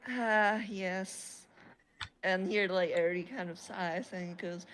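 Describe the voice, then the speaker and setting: A woman's voice: mid-range voice, slow, fairly bright tone, slight background noise. A woman narrating her character in a casual tabletop role-play, rambling with many fillers. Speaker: player and co-narrator.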